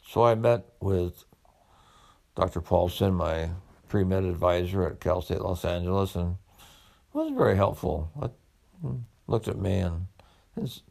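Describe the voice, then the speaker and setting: A former police officer turned medical student reflects conversationally on studying for medical school, telling his own story. His voice is low-pitched, gravelly and darkish in tone.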